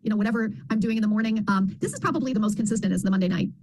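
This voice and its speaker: Very fast-talking, husky-voiced woman. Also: mid-range voice. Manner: animated storyteller, acts out quoted voices. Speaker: program member. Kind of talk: casual group video call.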